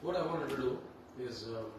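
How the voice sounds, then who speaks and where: A man leading a devotional scripture class, talking in an unhurried, conversational way with many fillers. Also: medium pitch. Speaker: Bhagavatam class teacher. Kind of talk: devotional class talk with Sanskrit chanting. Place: temple hall. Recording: echoey hall, distant mic, background noise.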